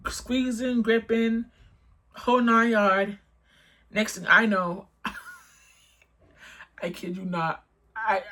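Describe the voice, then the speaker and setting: A woman tells a casual storytime in an animated way, dropping lots of "like"s and jumping quickly up in pitch, swinging high whenever she quotes herself.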